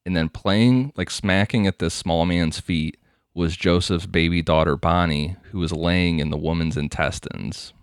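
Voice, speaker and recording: A man's voice: deep voice, fairly even intonation, a little slow, clear, resonant tone, no room sound, clean studio sound. A man hosting a podcast, telling a crime story in a casual, crude, laughing way. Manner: laughing, crude, conversational narration. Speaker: podcast host.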